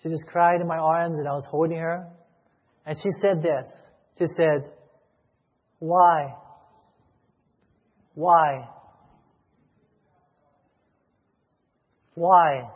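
A man's voice: on the high side, flat delivery, moderate pace. A man preaching a sermon as a pastor, pleading emotionally and asking repeated questions to his church. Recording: echoey hall, muffled lo-fi sound.

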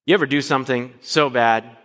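A pastor with a mid-range voice preaches a sermon at a slightly fast pace. He's animated, asking the congregation questions and acting out short dialogues, and the recording has long hall reverb.

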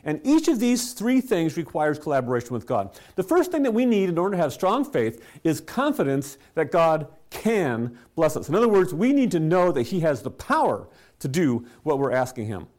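A man preaching a sermon, telling stories with rhetorical questions and soft chuckles. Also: on the high side, very animated, moderate pace. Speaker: pastor.

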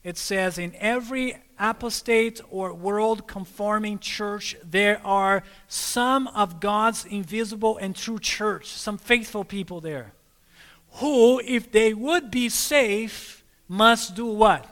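A male preacher with a high, bright, forceful voice delivers a sermon. He keeps drawing his listeners in, asking them to supply the next word and calling them friends. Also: slow, big-room sound. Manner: prompts listeners to fill in words, calls them friends.

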